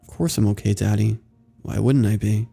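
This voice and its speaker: A demon disguised as a sleepy little girl, asking innocent questions in a drowsy way, read by a man in his own low, gravelly voice. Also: fairly even intonation, moderate pace, dark tone, faint music behind, full character voice.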